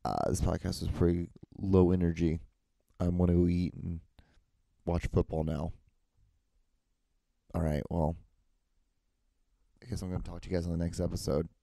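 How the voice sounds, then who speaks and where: Brief: casual, foul-mouthed solo podcast host, dark and gravelly. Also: male voice, deep voice, level tone, normal speed, long pauses, dry recording. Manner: profane, ranting, casual.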